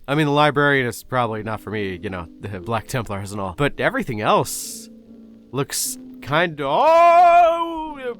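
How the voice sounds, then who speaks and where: A young man in casual commentary mode, sarcastic and easily excited, swearing freely. His pitch leaps and dips animatedly as he talks, and faint music plays underneath. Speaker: YouTube host reacting to announcements.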